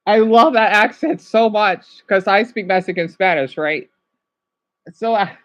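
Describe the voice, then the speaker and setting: A woman's voice: medium pitch, unhurried, a bit bright, dull audio. A woman hosting a livestream, chatting casually with viewers and calling them by name as she reacts to a video. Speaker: livestream host.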